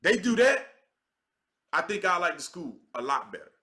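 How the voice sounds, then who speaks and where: Thirties man, livestream host. High, bright voice, emphatic and conversational. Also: very animated, normal speed. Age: 30s. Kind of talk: casual livestream commentary.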